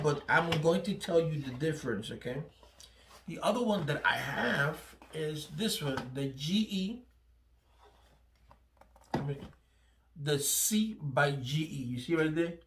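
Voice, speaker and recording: A man's voice: a little high, noisy background. A man hosting his own channel, chatting casually through a product review, often checking in with "right?" and restarting his phrases. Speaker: channel host. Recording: echoey room.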